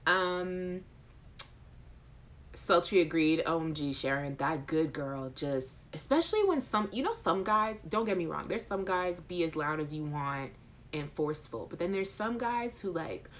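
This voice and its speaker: A woman's voice: on the low side, slow pace. A woman hosting a casual live chat show, reading out viewer comments in a playful, frank way. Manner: animated, playful and frank, with laughter.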